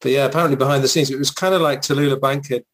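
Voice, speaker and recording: Speaking rapid-fire at a medium pitch with a steady tone, an Englishman co-hosting a podcast drifts into lengthy, wistful anecdotes full of filler words. It's casual conversation. The recording is rough, with slight background noise.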